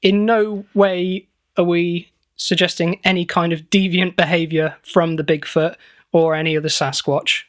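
A man co-hosting a comedy podcast, telling a mock-serious story with deadpan banter. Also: sits high, a little slow. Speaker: podcast co-host.

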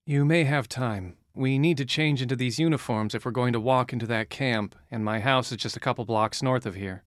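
Recorded cleanly in a studio with no echo, a man narrates an audiobook, voicing a determined, resourceful young woman who speaks firmly and directly. His delivery is matter-of-fact and fairly quick, in a natural, medium-pitched voice.

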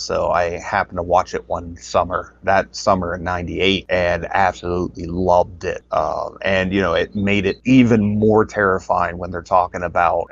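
Brief: deep-voiced man from Pennsylvania, relaxed rambling storyteller, muffled lo-fi sound. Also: creaky, no room sound. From Pennsylvania, USA. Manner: rambling, with many fillers and restarts. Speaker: interview guest, documentary creator. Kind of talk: casual storytelling. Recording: muffled lo-fi audio.

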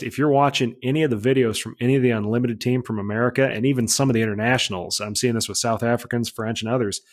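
A man telling a story about flying, casual and blunt, swearing freely and acting out radio calls. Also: medium pitch. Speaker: aerobatic pilot guest.

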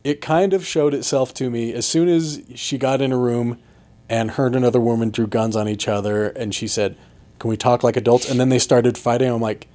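A man with a mellow, relaxed tone talks through upcoming films in loose, casual podcast chat. He hedges and restarts often and slips in dry, sarcastic quips. His voice stays soft-edged and easygoing. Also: mid-range voice, fairly quick. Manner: wry, sarcastic asides.

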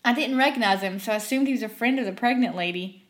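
A woman telling a story from her fast-food job in an animated way, acting out the characters. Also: fairly high pitch, slight background noise. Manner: animated, acts out every character. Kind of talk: storytelling narration.

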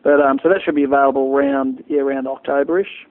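A man's voice: mid-range voice, fairly even intonation, quick pace. A middle-aged Australian man telling rambling stories as a guest in a casual interview, with many restarts. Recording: tinny phone-like line.

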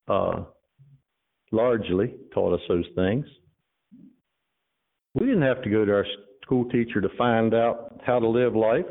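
A man preaching a sermon to his congregation, mixing earnest exhortation with casual asides, then reading a story aloud. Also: fairly low pitch. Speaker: pastor. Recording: tinny phone-like sound.

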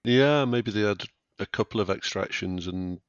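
A man's voice: fairly low pitch, moderate pace, clean tone, no echo, lo-fi sound. A man co-hosting a podcast, talking casually in a laid-back, dry way. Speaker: podcast co-host. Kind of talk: casual chat.

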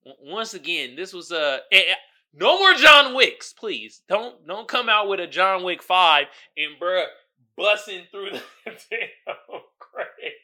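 A man with a high voice hosts his own podcast, riffing loosely and animatedly in slangy street talk. His tone is very bright and sharp, and laughter breaks into his rambling commentary again and again. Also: slow pace. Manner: animated, joking, laughs often. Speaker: podcast host. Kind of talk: casual solo commentary.

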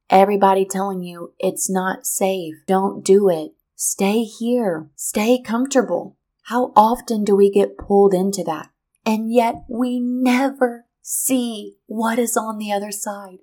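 A woman hosts a podcast and tells a personal story with a motivational message. Her voice sits at an ordinary middle pitch. She tells the story in a lively way and acts out what people said as she goes. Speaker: podcast host.

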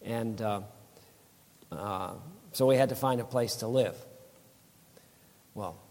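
A man's voice: lowish voice, slow pace, darkish tone, long reverb tail. Older man telling a folksy testimony. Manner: rambling, folksy, many restarts and laughs. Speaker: speaker giving a testimony. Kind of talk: church testimony storytelling.

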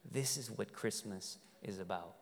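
A man's voice: lowish voice, unhurried, vocal fry. Man preaching in a reverberant hall. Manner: earnest, swings from loud emphasis to hushed tenderness. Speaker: pastor. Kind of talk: sermon. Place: large hall with a congregation.

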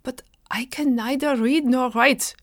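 A man's voice: high voice, lively intonation, normal speed, a bit bright, no room sound, studio quality. A woman voicing a frightened, illiterate young German prisoner who pleads and protests in a raised voice. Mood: alarmed.

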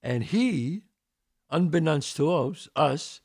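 Middle-aged New host, gravelly voice, casual storyteller who acts out the voices. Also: male voice, on the high side, expressive, slow, a little mellow. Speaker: podcast host. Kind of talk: casual storytelling and answering listener questions.

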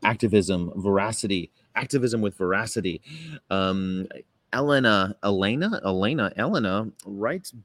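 A man's voice: moderate pace, no echo. A man casually chatting on a livestream, rambling, laughing often and reading things aloud. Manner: mock-sweet high voice for quoted politeness. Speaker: vegan activist livestreamer. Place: Chicago.

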